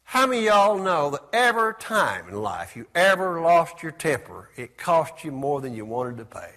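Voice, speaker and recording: A fairly high-pitched, very animated preacher speaks at a moderate pace. He uses call and response, asking the congregation to say words after him, and moves between loud exclamations and gentle asides.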